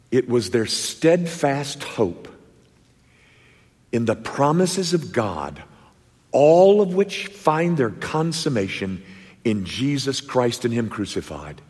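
A man preaching a sermon to his congregation, emphatic, with dramatic pauses and rhetorical questions. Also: medium pitch, a little mellow, slightly rough. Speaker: pastor. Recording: long echoey church reverb.

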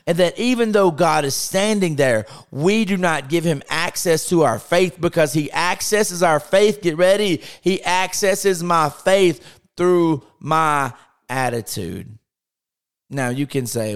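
Male preacher, fairly high smooth voice, fervent sermon delivery with rhetorical questions. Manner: impassioned, rhetorical questions, acts out scripture quotes. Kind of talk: podcast sermon.

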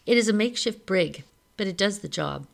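A woman reading a novel aloud in a steady, measured storytelling manner. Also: medium pitch, gravelly. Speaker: reader of a novel.

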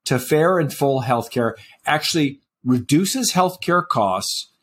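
A man's voice: medium pitch, animated, takes it slowly, a little hiss or hum. A man co-hosting a health policy talk show, arguing in a pointed, impassioned way. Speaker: podcast co-host. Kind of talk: casual policy discussion.

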